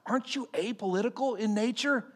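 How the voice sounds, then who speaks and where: A man voicing an ancient biblical king who quietly and earnestly asks his priests to be his eyes and ears. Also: high-pitched, fairly quick, lightly acted.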